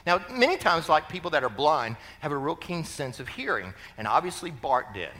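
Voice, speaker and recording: A man preaching a sermon as pastor, animated and conversational, bursting into shouts when he quotes the cries he is telling about. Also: on the high side, moderate pace. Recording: long reverb of a large hall.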